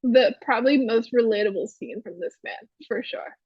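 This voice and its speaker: A woman's voice: a little high, moderate pace, breathy edge, no echo, dull audio. A woman co-hosting a podcast, recapping a TV episode in a rambling, chatty way full of fillers. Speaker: podcast co-host. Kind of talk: casual chat recapping a TV episode.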